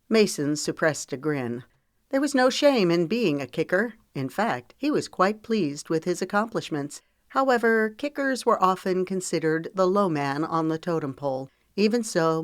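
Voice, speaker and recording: Woman, audiobook narrator, low pitch, measured storytelling. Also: no echo, studio quality.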